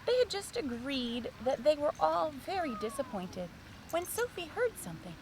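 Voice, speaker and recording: Woman narrator, bright high voice, lively sing-song, slow children's story read. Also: noisy background.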